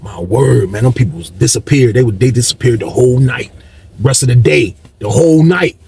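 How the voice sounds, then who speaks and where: A man's voice: mid-range voice, brisk, vocal fry, dark tone, a little hiss or hum. A man telling a story in a slangy, casual way, acting out other people's lines. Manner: slangy, acts out dialogue with shifting voices.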